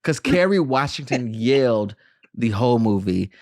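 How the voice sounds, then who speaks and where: Animated podcast host reviewing a film. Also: medium pitch, no echo, studio quality. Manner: animated, joking, quick asides. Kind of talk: casual film review chat.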